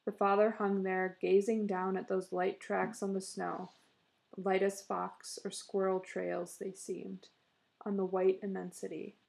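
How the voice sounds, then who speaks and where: A woman reads a short story aloud at a steady, measured pace. Her voice is gravelly, with a dark, mellow tone. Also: medium pitch. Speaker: narrator.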